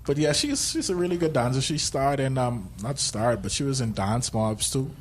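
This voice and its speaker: A man's voice: medium pitch, animated, moderate pace, a little hiss or hum. A man co-hosting a podcast in casual chat, rambling, joking and laughing often. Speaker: podcast co-host.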